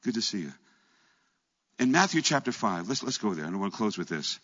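Middle-aged male pastor, bright husky voice, storytelling sermon, long hall reverb on a dull lo-fi recording. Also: fairly low pitch, big pitch swings, fairly quick. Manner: storytelling preacher, acts out voices and swings from quiet to loud. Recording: echoey hall, dull lo-fi sound.

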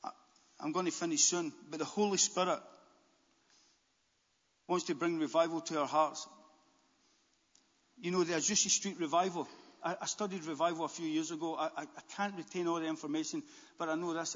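A man preaching a sermon as pastor, animated, with stammered restarts and bursts near a shout. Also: on the high side, a little fast. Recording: dull, long-echo church hall.

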